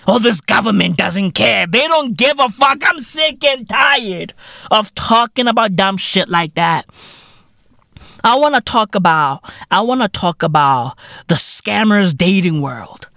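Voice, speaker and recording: A South African man hosting a podcast, ranting comically with profanity, repeating himself in loud disbelief. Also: high-pitched, animated, measured pace, creaky, no room sound, clean studio sound. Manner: loud, incredulous, repeats himself, swears constantly. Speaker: podcast host. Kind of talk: profane comedic rant.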